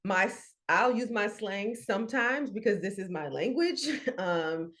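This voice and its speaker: A woman's voice: mid-range voice, unhurried. A woman from Atlanta with a Southern US accent, co-hosting a casual podcast and telling a story with frequent laughter. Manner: animated storyteller, laughs often. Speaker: podcast co-host.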